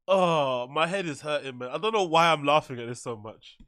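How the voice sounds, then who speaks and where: A man's voice: a little high, pushed and bright, no room sound, clean studio sound. A man hosting a casual reaction show who laughs hard and swears freely. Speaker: host.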